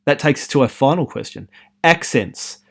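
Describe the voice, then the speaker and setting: A man's voice: mid-range voice, lively intonation, normal speed, vocal fry. A man from Australia giving a recorded film studies lecture, posing many rhetorical questions with frequent ums and restarts.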